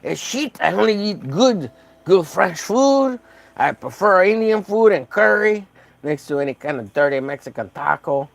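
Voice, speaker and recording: A man's voice: sits high, sing-song, normal speed, creaky, voice pushed up, full character voice. Snooty faux-French food snob, raised and haughty , put on by a man. Dismissive, sniffy delivery.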